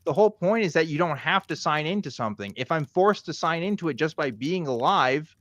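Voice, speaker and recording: A man's voice: a little high, animated, a little fast, a bit bright, dry recording. A man co-hosting a casual podcast, blunt and sarcastic, swearing freely as he argues his point. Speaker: podcast co-host.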